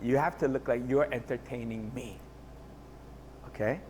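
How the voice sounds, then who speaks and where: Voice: mid-range voice, normal speed, darkish tone, a little hiss or hum. A vocal coach giving direct feedback to a trainee, repeating phrases for emphasis. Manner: repeats phrases, demonstrates notes. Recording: music playing behind.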